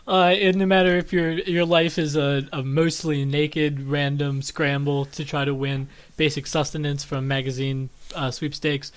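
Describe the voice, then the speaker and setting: A man's voice: fairly high pitch, level tone, a little slow, few pauses, smooth. A young man co-hosting a podcast in casual chat, rambling between thoughts. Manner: rambling, puts on regional accents for laughs. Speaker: podcast co-host.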